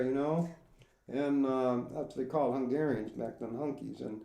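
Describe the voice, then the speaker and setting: A man's voice: a little high, normal speed, dark tone. Direct a profane, blunt middle-aged man in an echoey room. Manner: profane, blunt, laughs often. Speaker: podcast host. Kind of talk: casual crude chat.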